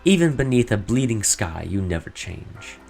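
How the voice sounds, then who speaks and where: A man's voice: lowish voice, very animated, normal speed, vocal fry, darkish tone, soft background music. A man reading as a stern old legend-keeper woman. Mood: solemn. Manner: solemn, formal, cryptic. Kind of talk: reading game dialogue aloud in character.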